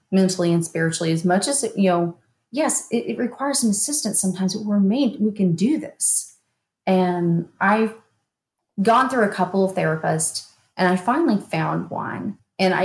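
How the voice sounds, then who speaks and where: Woman interview guest, hypnotherapist, candid and forceful storyteller; echoey room. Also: on the low side. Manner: frank and emphatic, with bursts of laughter. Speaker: guest, hypnotherapist and mindset coach. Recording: roomy echo.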